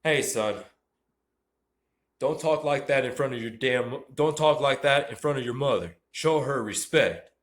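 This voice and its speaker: A man voicing a strict father who loudly scolds his son. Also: medium pitch, measured pace, pitched above the performer's own voice, natural voice. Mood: stern. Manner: loud stern scolding.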